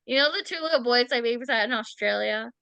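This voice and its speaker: Bright, crisp-voiced woman chatting. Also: on the high side, quick pace, no echo, highs cut off. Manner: laughs often, chatty storytelling. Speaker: podcast co-host. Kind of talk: casual chat.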